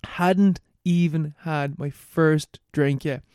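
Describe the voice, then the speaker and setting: A man's voice: on the high side, steady tone, slow, a little mellow, smooth, no echo. A young man co-hosting a podcast, telling stories in casual chat with frequent laughs and swearing, close to the mic. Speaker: podcast co-host.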